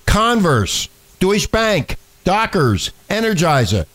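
A man's voice: a little high, lively intonation, moderate pace. A man co-hosting a talk show with a sore throat, reading news items in casual banter and often stumbling over and repeating words. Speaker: radio talk show co-host.

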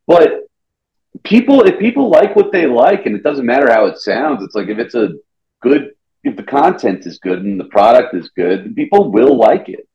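Chatting loosely as a podcast guest, this young Atlanta comedian drops "dude" constantly. His voice is mid-range and mellow, with big pitch swings and normal speed. The audio is dull and lo-fi.

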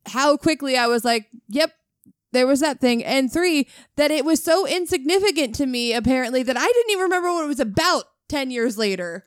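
A woman's voice: high-pitched, animated, brisk, no echo, studio quality. A young woman co-hosting a podcast, wryly poking fun at herself. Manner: self-mocking, counts points off. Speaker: podcast co-host. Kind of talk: casual chat.

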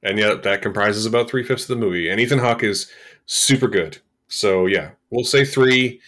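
A man co-hosting a podcast, chatting casually about a film, animated and quick to act out reactions. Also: on the low side. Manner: animated, laughing, acts out reactions. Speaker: podcast co-host. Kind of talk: casual film review chat.

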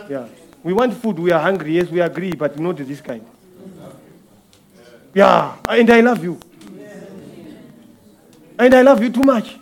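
A man's voice: high-pitched, animated, normal speed, long pauses. A man preaching a sermon as a guest speaker, talking conversationally, asking rhetorical questions and often repeating words and restarting phrases.

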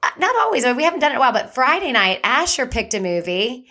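A middle-aged woman co-hosting a casual chat, telling weekend movie stories in a chatty, animated way. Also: a little high, quick pace. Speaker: co-host.

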